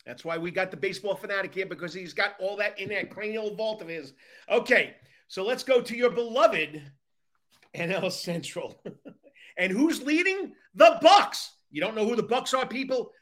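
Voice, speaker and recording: A man's voice: high-pitched, lively intonation, normal speed, a bit bright. A man hosting a casual baseball talk show, upbeat and playful, steering the conversation. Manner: upbeat, playful, leading the topics. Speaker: sports talk host.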